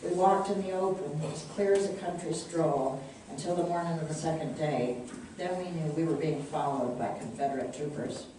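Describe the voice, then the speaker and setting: A woman author reading her picture book aloud in a measured, heartfelt way, in an echoey room from a distant mic. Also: low voice, warm tone, slight background noise.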